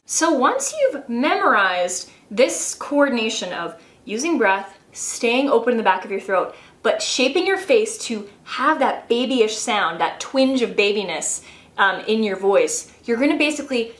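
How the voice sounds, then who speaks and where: Woman vocal coach, singing lesson, chatty and upbeat, higher voice, roomy echo. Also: lively intonation, unhurried. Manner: upbeat, chatty, demonstrates sounds mid-sentence.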